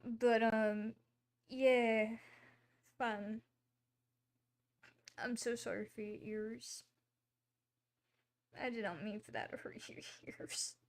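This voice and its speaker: A woman's voice: fairly high pitch, steady tone, slow, pauses often. Chatty woman rambling on a stream. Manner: rambling, chatty, with many fillers and apologies. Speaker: livestream host. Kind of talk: casual livestream chat.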